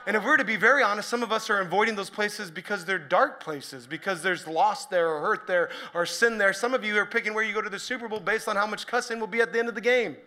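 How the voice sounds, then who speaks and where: A man preaching a sermon to a church, joking with the crowd and building up to shouted points. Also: high-pitched, quick pace, hardly any pauses. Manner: energetic, joking, rising to shouted emphasis. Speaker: pastor.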